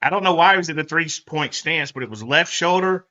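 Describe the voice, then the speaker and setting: A man with a bright, forceful tone tells lively stories on a sports talk show. He goes from low murmurs to excited bursts. The sound is muffled and lo-fi. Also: brisk. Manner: lively storyteller, swings from quiet to loud. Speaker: guest reporter. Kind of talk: casual sports talk storytelling. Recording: muffled lo-fi audio.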